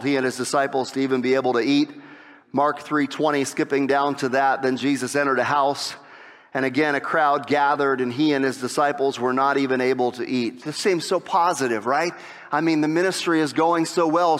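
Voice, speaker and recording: Animated preaching man in a reverberant hall. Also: fairly high pitch. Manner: animated preaching, acts out quoted voices. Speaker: pastor. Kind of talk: sermon.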